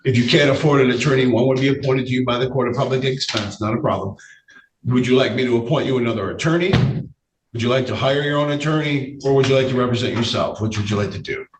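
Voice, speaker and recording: A male judge with a voice he says is giving out, speaking in a measured way, often repeating phrases and using fillers during a courtroom hearing. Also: medium pitch. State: losing his voice. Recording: echoey room, distant mic, faint noise.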